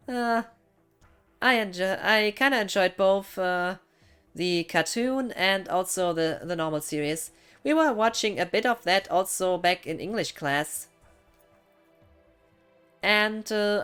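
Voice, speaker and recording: German-accented woman, smooth low voice. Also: fairly bright tone. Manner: rambling, thinking aloud. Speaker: streamer. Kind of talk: casual live-stream chat while gaming.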